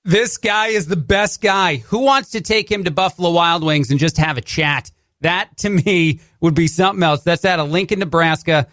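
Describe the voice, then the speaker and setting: A man's voice: on the high side, a bit bright, no room sound, clean studio sound. A man from New Jersey with a Jersey accent, filling in as a talk radio host with conversational, sarcastic commentary. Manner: conversational, sarcastic asides, frequent "uh" restarts.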